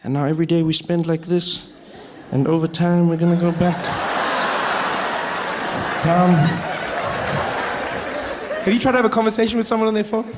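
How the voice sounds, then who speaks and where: A man, doing lively stand-up comedy on a stage before a live audience. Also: sits high, normal speed, pauses often, heavy background noise. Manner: animated storytelling with acted-out voices.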